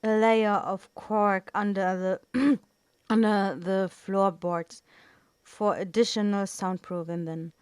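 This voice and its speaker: A woman's voice: mid-range voice, fairly even intonation, takes it slowly, darkish tone, clean tone, dry recording. A woman reading a novel aloud, often stumbling and restarting words. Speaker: reader.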